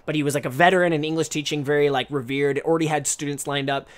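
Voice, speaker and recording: Young man, casual vlog monologue, rambling, lots of fillers, slightly high voice. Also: fairly even intonation, fast. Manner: rambling, self-interrupting, many fillers. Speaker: streamer and English teacher.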